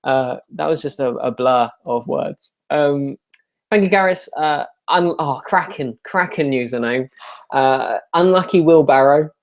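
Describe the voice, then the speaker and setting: A man's voice: on the high side, a little slow. A young man with a self-deprecating, rambling manner, chatting casually while answering viewer questions live. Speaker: YouTuber hosting a live Q&A.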